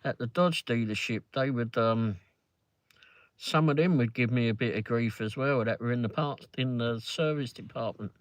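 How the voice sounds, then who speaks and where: Brief: London man, casual car chat, rambles and curses, mid pitch, very dry sound. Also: moderate pace, no room sound. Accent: London English. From England. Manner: rambling, swears freely, frequent fillers and restarts. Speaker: co-host of a live ride-along stream.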